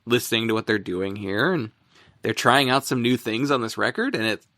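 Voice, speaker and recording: A man's voice: mid-range voice, normal speed, bright, forceful tone, no room sound. Rambling casual man, dry close sound. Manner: rambling, filler-heavy, laughs often. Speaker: podcast co-host. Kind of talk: casual music chat.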